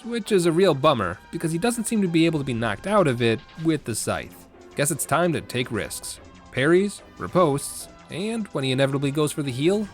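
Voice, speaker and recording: Sarcastic, animated gaming narrator, male. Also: fairly high pitch. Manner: sarcastic, playful, jokey. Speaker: gaming video host. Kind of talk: scripted comedic gameplay narration.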